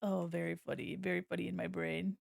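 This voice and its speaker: A woman chats through a drawing livestream, laughing easily and explaining her steps as she goes. Her lowish, level voice is a little fast with a light gravelly fry, picked up close on a desk microphone in a dry home room with no echo.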